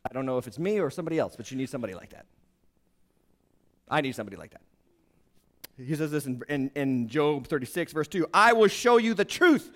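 Male pastor, middle-aged, high voice, very animated pitch, emphatic sermon delivery. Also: brisk, pauses often. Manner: emphatic, swings from quiet to shouting.

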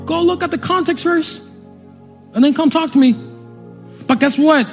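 Man, preacher, high voice, husky, fervent, repetitive, faint music behind. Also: very animated, normal speed, long pauses. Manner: fervent, repetitive, bursts into sung and shouted lines. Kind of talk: sermon. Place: church stage.

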